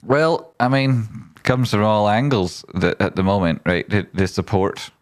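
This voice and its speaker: A man's voice: fairly low pitch, normal speed, no echo, clean studio sound. A man hosting a casual live stream, talking through charts in a rambling, profane, jokey way. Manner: rambling, profane and jokey, often slipping into silly voices; reads viewer chat aloud. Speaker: stock market livestream host.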